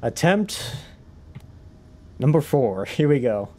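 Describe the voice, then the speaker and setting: A man's voice: mid-range voice, sing-song, takes it slowly, mellow. A man streaming a game live, chatting casually, laughing often and answering his chat as he plays.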